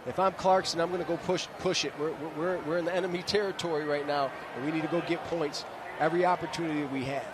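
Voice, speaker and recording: This former linebacker, a man with a Michigan accent, does live football color commentary from a broadcast booth with stadium noise around him. His voice is a little high, steady in tone, and fast, and he breaks down plays like a coach, tagging lines with "right?".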